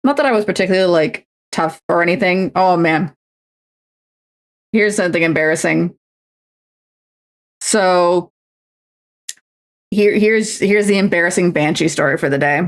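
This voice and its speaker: Her voice sits lowish, a little slow, with frequent pauses. She's a home streamer doing cross-stitch, talkative and self-deprecating as her stories wander.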